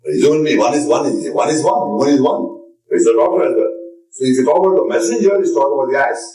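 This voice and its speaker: A man's voice: medium pitch, animated, very fast, warm tone. A man giving a lecture and answering audience questions, talking in an insistent, repetitive and emphatic way. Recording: echoey room, voice from far off.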